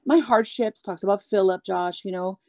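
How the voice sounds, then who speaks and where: A woman being interviewed as a guest singer, talking candidly and at length, animated, acting out the people she quotes. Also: medium pitch, moderate pace, no room sound. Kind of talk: candid storytelling chat.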